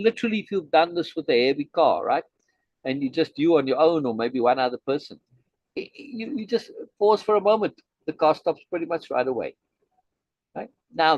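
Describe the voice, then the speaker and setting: A man's voice: fairly high pitch, no room sound, highs cut off. A man teaching a study group, explaining a text with emphatic repetition and frequent "right?" checks. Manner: emphatic, repeats key points, frequent "right?" tags. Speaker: teacher leading a study session.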